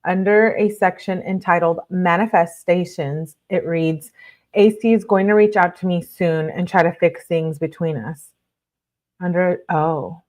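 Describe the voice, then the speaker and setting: A woman's voice: fairly low pitch, steady tone, unhurried. Outraged woman reading aloud live. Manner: reads aloud then reacts with blunt outrage, filler-heavy. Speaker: livestream host reading court documents. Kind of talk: casual live commentary.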